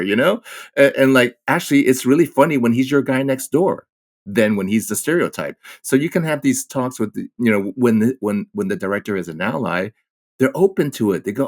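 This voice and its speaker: A man's voice: mid-range voice, fairly quick. A middle-aged man, a guest actor, telling stories candidly and acting out the exchanges he quotes. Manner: animated, acts out quoted exchanges. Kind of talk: candid conversational storytelling.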